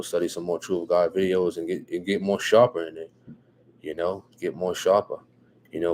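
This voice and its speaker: Laid-back New Jersey man, deep mellow voice. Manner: relaxed, repeats phrases, frequent "you know what I'm saying", chuckles often. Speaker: livestream host reading viewer comments. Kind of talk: casual live-stream chat.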